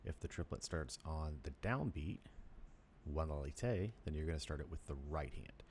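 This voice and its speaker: Low-voiced male music teacher, patient lesson pace, counts beats aloud, faint hiss behind. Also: a little fast. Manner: counts rhythms aloud, calls out counts loudly. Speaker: percussion teacher. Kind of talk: instructional lesson.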